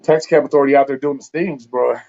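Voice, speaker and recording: A man's voice: mid-range voice, steady tone, quick pace, warm tone, highs cut off. A man hosting a casual livestream, ranting bluntly with heavy profanity and exasperation. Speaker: livestream host.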